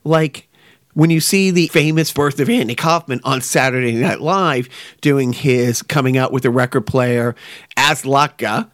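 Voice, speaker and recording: A man's voice: mid-range voice, unhurried, a bit bright, no room sound, studio quality. A man co-hosting a podcast, chatting casually and rambling with lots of restarts and fillers. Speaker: podcast co-host. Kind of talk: casual chat.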